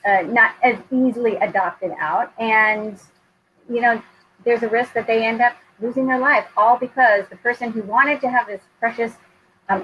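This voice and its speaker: A woman's voice: on the high side, dull audio, a little hiss or hum. A woman hosting an interview show, speaking in an earnest, reflective way. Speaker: show host. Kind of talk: conversational interview.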